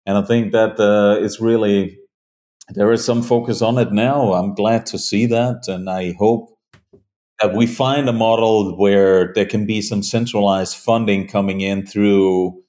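Guest interviewee: a man with a deep voice, earnest, halting speech full of fillers. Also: fairly even intonation, dark tone. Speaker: hunting show creator, guest. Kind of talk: conversational interview.

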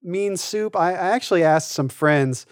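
A man's voice: high voice, normal speed, no room sound. Guy cohosting a podcast, rambly with lots of likes and ums, dry close sound. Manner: rambling, many fillers, thinks aloud. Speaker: podcast co-host. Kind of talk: casual chat.

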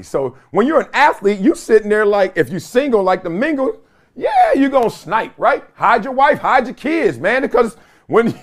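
Middle-aged guy hosting his own show, acts out everybody in the story, highish voice. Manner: animated storytelling with laughs and mimicked voices. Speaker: host. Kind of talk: comedic solo talk show monologue.

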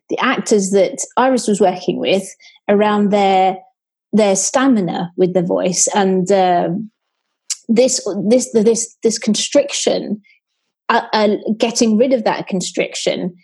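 A woman's voice: medium pitch, a little slow, darkish tone, husky. A woman hosting a podcast, asking questions with hesitant restarts. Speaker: podcast host, interviewer. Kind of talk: interview questions.

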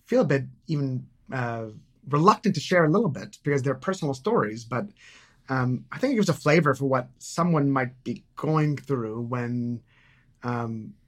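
A man's voice: medium pitch, animated, moderate pace. Hesitant man in casual talk. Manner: hesitant, many fillers and restarts. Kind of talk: casual conversation.

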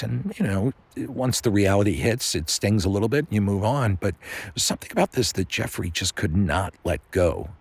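Man, improvised bedtime story, husky, low, lively pitch, rambling. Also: dry recording. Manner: rambling, casual, with fillers.

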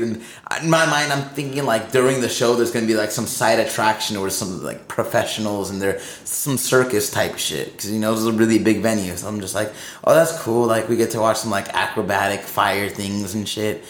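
A man's voice: fairly low pitch, fairly quick, reverberant. A man in a band, telling a rambling tour story in casual chat, swearing a lot and acting out what people said. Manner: rambling storyteller, heavy swearing, acts out quotes.

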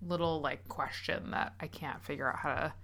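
A woman co-hosts a casual podcast in a bright, slightly low voice. She is chatty and laughs easily while she talks things through. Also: steady tone, moderate pace. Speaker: podcast co-host. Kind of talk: casual chat.

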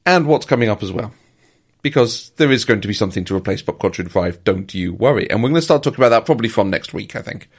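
A man's voice: fairly low pitch, lively intonation, fast, slightly rough. Enthusiastic man co-hosting a podcast. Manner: enthusiastic, repeats words, laughs often. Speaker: podcast co-host. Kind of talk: casual chat.

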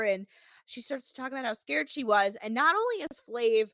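A woman co-hosting a casual recap podcast, talking in an animated way with lots of swearing and acting out what people said. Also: fairly high pitch, moderate pace, no echo. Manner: animated, swearing, acts out quotes in exaggerated voices. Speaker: podcast co-host.

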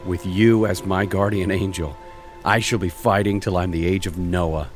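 A man voicing a weary, battle-worn prince who speaks in a low, murmured way, in a narrated audio drama. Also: steady tone, normal speed, soft background music, natural voice.

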